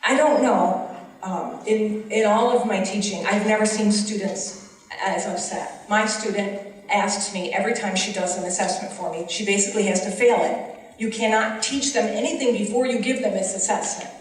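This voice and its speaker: A middle-aged woman with a Western New York accent, a special education teacher, gives earnest public testimony at a hearing. Her medium-pitched voice holds a steady tone at a moderate pace, though it rises with emotion as she pleads. She is heard from a distance in a large, echoey hall, the mic far off.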